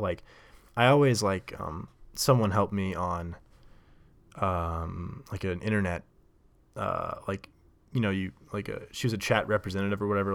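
A man hosting a show, telling a story in a rambling, casual monologue full of fillers and self-corrections. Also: on the low side. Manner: rambling, lots of likes and self-corrections, laughs often. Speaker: podcast host.

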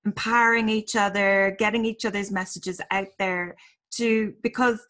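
A woman's voice: mid-range voice, steady tone, normal speed, fairly bright tone. A woman from Ireland hosts an interview podcast. She keeps a chatty, effusive manner and thanks her guest repeatedly. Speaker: podcast host. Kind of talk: casual interview chat.

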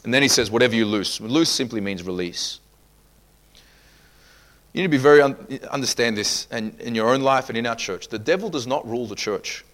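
A man's voice: medium pitch, fairly quick, fairly bright tone. A man preaching a sermon as pastor, emphatic, acting out quoted people in asides.

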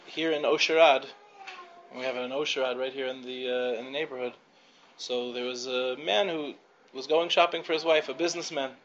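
A man tells a story to a class in a room with a live audience. He talks conversationally, restarts his sentences and leans on fillers, and his voice sits at an ordinary middle pitch. The recording is dull and lo-fi, with faint noise behind him. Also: fairly bright tone. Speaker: teacher speaking to a class of girls. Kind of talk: storytelling lecture.

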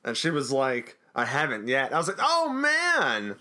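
A man's voice: mid-range voice, fairly quick, pushed and bright. A man co-hosting a podcast, recapping an episode in a chatty, jokey way. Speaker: podcast co-host. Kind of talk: casual recap chat.

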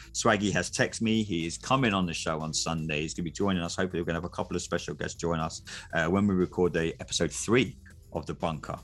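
Casting: very low-voiced English man, easygoing podcast co-host, rambles a bit. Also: a bit bright. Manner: rambling, loose, peppered with "you know". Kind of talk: casual sports podcast chat.

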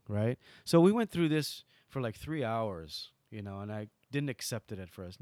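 A man's voice: fairly low pitch, normal speed, few pauses, no room sound. Man from hawaii, middle-aged, casual storytelling, acts out voices, dry close sound. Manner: animated, acts out quoted dialogue. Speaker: interview guest, entertainer.

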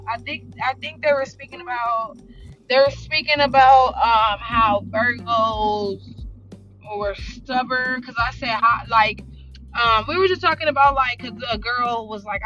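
A woman from South Central hosting a podcast, telling a work story in animated, slangy, unfiltered casual chat and acting out her coworkers' lines. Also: on the high side, moderate pace, muffled recording, faint music behind. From South Central Los Angeles. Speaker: podcast host.

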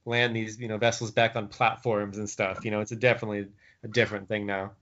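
A man's voice: on the low side, little pitch movement, quick pace, fairly bright tone. A man co-hosting a podcast in casual chat, easygoing and musing, with many "you know"s. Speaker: podcast co-host. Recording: dull lo-fi podcast audio.

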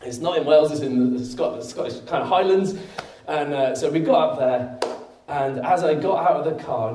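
A man delivers a sermon in a relaxed, storytelling way, with frequent laughs and emphatic peaks. His tone is mellow and warm. He is miked from some distance in a roomy church hall that echoes. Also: a little high. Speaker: preacher. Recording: echoey room, mic at a distance.

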